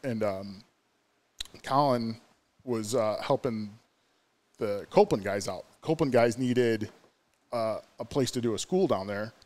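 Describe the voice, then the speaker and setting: A man's voice: on the low side, a little slow, long pauses, darkish tone. Rambling storytelling man from New York. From New York State. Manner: rambling, lots of fillers and laughs. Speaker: podcast guest. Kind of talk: casual storytelling chat.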